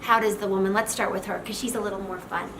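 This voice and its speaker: A middle-aged woman hosting a marriage advice talk, speaking straight to her viewers in an animated, expressive way. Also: medium pitch, quick pace, noisy background. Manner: animated and expressive, acting out quoted voices. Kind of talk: direct-to-camera advice talk.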